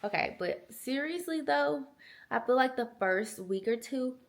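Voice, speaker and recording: A woman's voice: high voice, measured pace. A woman in her twenties, a mom vlogger chatting casually and animatedly to her camera. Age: 20s. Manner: chatty, animated, uses y'all and girl. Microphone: small handheld camera.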